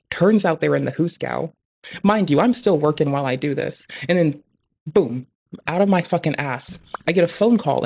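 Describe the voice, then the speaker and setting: A streamer letting off steam on a live stream, talking in a loose, rambling way packed with swearing. The voice sits at an ordinary middle pitch, and the talk jumps from one gripe to the next. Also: gravelly. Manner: profane, rambling, heavy swearing; frequent filler "like" and "bruh". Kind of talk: casual venting rant.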